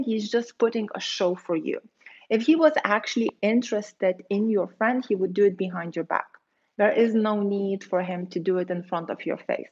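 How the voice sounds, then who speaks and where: A woman giving dating advice as a coach, talking straight to her viewers and acting out quoted lines. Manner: animated, acts out quoted lines in a higher voice. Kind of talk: advice monologue to camera. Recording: slightly dull, lo-fi audio.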